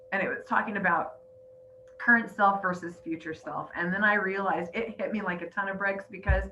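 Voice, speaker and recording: A woman's voice: fairly low pitch, bright, forceful tone, muffled recording, slight background noise. A middle-aged woman and grandmother earnestly telling her personal story on a group call, teary and emotional. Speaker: weight-loss coach sharing her story. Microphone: online call.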